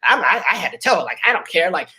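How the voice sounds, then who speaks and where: A man's voice: high-pitched, big pitch swings, rapid-fire, bright, forceful tone, full character voice. Man doing a snooty prissy young woman. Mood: condescending. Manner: prissy, condescending.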